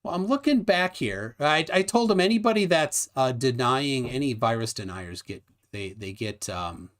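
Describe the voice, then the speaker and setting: Animated man hosting a live debate. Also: mid-range voice, normal speed. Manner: animated, many restarts, reads chat aloud. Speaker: livestream host.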